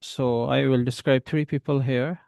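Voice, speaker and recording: A man's voice: medium pitch, steady tone, normal speed, vocal fry, darkish tone, no room sound. A man teaching a beginner English lesson, patiently repeating example phrases.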